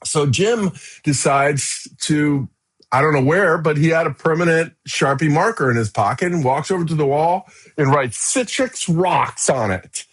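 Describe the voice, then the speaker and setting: Slightly high and a bit slow, with a breathy edge, a middle-aged man recounts a story on a podcast. His delivery is lively and relaxed, complete with acted-out yelling and frequent "you know"s and "right?"s.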